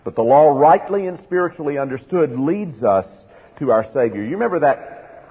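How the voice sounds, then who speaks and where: A man with a slightly high, husky voice preaches with earnest emphasis and keeps putting questions to his listeners. His voice comes through a narrow, phone-like broadcast sound. A long reverb hangs behind each phrase, as in a large hall. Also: animated, moderate pace. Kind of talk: sermon.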